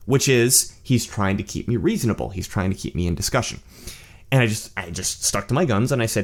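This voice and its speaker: A channel host with a fairly low voice speaks a little fast, recounting a personal story in a casual monologue. He's animated and blunt, swearing and often restarting his sentences.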